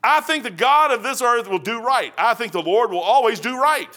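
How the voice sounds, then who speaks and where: A man's voice: extremely high pitch, expressive, normal speed, pushed and bright. A man preaching a sermon as pastor, rambling folksy and telling stories.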